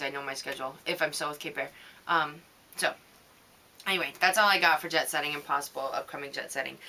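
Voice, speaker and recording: A young woman with a bright, clear voice talks straight to her camera at home. She rambles from one thing to the next with lots of fillers and easy laughter, hosting her own knitting vlog. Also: low-pitched. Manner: chatty, rambling, frequent "um"s and laughs. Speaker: knitting vidcast host. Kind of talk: rambling casual vlog chat.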